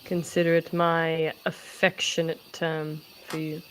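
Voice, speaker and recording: A woman's voice: low-pitched, completely flat delivery, unhurried, slight background noise, poor audio. A woman tabletop player speaking in character, dry and teasing.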